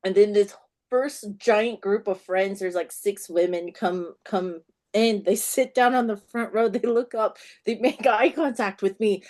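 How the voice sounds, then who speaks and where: A woman author as an interview guest, telling stories in an animated way, often laughing and acting out the people in them. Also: mid-range voice, unhurried. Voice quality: acts out the people in her stories.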